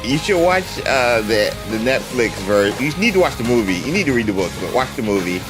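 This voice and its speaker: A man co-streaming a game showcase, reacting in chatty, excitable commentary that swings from flat to shouting. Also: medium pitch, brisk. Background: showcase audio and music.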